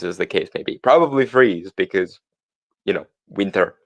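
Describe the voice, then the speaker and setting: A man's voice: low-pitched, animated, moderate pace, no room sound. A man co-hosting a podcast in casual chat, with a sardonic, mock-threatening manner. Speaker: podcast co-host.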